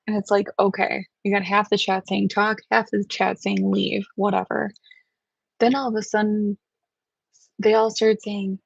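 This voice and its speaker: A woman's voice: mid-range voice, level tone, a little slow, gravelly, pauses often, no echo. A woman hosting a casual livestream from home, rambling and sensitive, swearing freely as she talks to her chat. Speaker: livestream host. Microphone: webcam livestream setup. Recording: dry, dull lo-fi stream audio.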